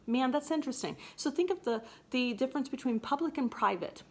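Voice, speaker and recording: A woman's voice: high-pitched, animated, brisk, hardly any pauses. A woman teacher casually explaining a play scene, chatty and playful, acting out lines in voices. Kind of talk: casual literature lesson.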